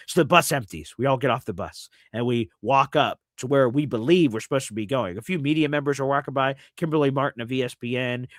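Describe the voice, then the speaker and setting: A man hosting a casual live sports talk show, telling a story in an animated way and jumping into high shouts when he quotes himself. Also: no room sound, clean studio sound. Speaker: sports digital radio host.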